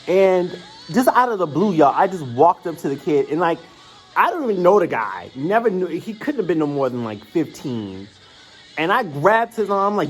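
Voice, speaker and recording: A man's voice: fairly high pitch, very animated, moderate pace, soft background music. A young adult man in a late-night confessional vlog, talking at home in a rambling, emotional way with lots of filler words. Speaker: vlogger.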